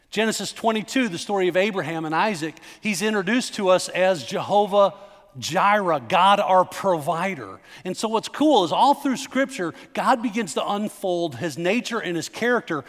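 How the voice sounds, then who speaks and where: A middle-aged male pastor preaching a sermon in a conversational, emphatic way, turning to the congregation with asides and questions. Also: high-pitched. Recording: long hall reverb.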